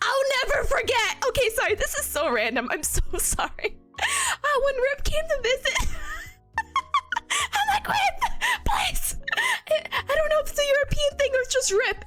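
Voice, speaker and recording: A young-sounding woman hosts a study live stream and chats to her viewers, giggling often. Her voice sits very high and swoops widely, with a bright, sharp edge. Faint music plays behind her. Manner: giggly, bursts into laughter and squeals. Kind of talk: casual live-stream chat.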